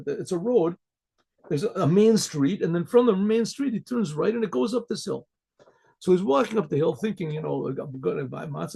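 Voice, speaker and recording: A man, a rabbi, telling a folk story in a rambling way, often clearing his throat and restarting. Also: high-pitched, dark tone. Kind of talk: oral storytelling.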